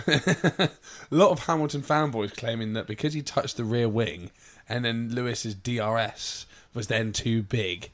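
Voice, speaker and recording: A man's voice: mid-range voice, a little slow. Swearing man in easy banter. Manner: banters and swears, drifts off topic. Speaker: podcast co-host. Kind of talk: casual chat.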